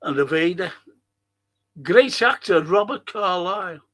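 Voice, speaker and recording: Older Scouse man hosting a fan podcast live. Rambling, swears a lot, voice sits slightly high. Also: expressive, unhurried, fairly bright tone. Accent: Liverpool (Scouse). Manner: rambling, swears freely, reads out chat comments. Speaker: podcast host. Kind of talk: casual live-stream chat.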